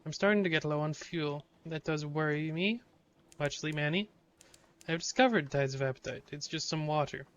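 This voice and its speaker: A man's voice: fairly high pitch, normal speed, fairly bright tone, muffled recording, a little hiss or hum. A man streaming a video game live, reading its text aloud and reacting with sudden swearing.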